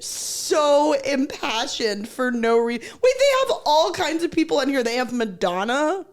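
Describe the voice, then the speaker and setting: A woman's voice: sits high, sing-song, unhurried. A woman co-hosting a casual podcast, eager and chatty, reading bits aloud from a website. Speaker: podcast co-host.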